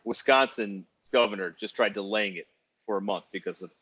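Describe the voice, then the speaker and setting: Male podcast co-host, 30s, casual and foul-mouthed, animated storyteller; dry lo-fi audio. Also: fairly low pitch, brisk, dry recording. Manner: swearing, animated, acts out voices in his stories. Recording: dry, dull lo-fi sound.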